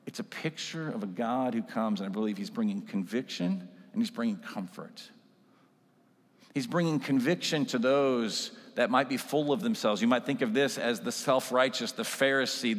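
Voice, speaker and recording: A male pastor preaches a sermon in a relaxed, conversational style, often using tag questions to check in with his listeners. His mid-pitched, fairly bright voice carries the long reverb of a church sanctuary.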